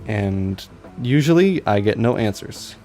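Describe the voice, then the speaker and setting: A young man with a fairly low, mellow voice chats casually on a drawing live stream, speaking a little slowly with lively intonation. He rambles, pokes fun at himself, and stammers with repeated I's, against slight background noise.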